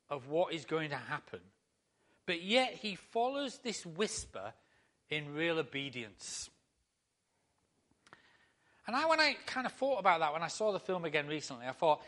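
A man's voice: fairly high pitch, fairly bright tone. A male pastor giving a conversational sermon to his church, full of rhetorical questions.

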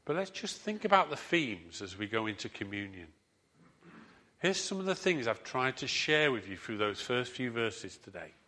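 A man preaching a sermon as pastor, telling stories with emphatic rises and soft, trailing endings. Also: mid-range voice, sing-song, moderate pace.

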